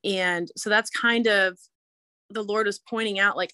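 A woman's voice: mid-range voice, steady tone, bright, forceful tone, no room sound. A young woman co-hosting a casual faith podcast, talking reflectively with frequent halts and restarts. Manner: reflective, halting, many restarts. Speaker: podcast co-host.

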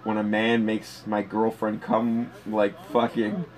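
A man's voice: fairly low pitch, slow pace. Crude, laughing male storyteller. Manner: crude, animated, laughs through his stories. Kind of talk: casual comedic storytelling.

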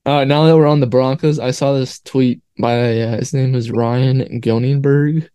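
Mellow young man, laid-back football talk. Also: mid-range voice, fairly even intonation, clear, resonant tone, no room sound. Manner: easygoing, quick to laugh. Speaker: podcast co-host. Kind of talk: casual sports chat.

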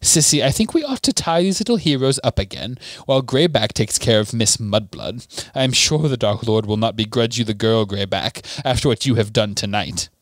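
A man voicing a cruel, shrieking witch while reading a novel aloud, in a raised, shrill voice that drags out its words. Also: dry recording, close to an everyday voice. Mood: mocking. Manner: shrill, mocking, drawn-out.

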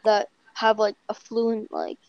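A woman's voice: mid-range voice, huge pitch swings, takes it slowly, no echo, highs cut off. A young woman with a Canadian accent, chatting casually and rambling, filling her talk with "like" and "bro.". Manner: rambling, heavy use of "like" and "bro". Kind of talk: casual chat.

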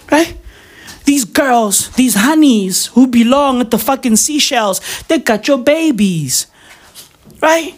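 Husky South African woman ranting profanely. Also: high-pitched, very animated, slow pace, long pauses. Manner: profane, slangy, rambling, emphatic. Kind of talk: comic rant monologue.

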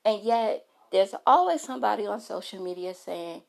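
A woman's voice: mid-range voice, animated, a little fast, vocal fry, few pauses. A middle-aged woman vlogger talking frankly and emphatically to her followers, often restarting her sentences. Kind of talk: candid talk to camera.

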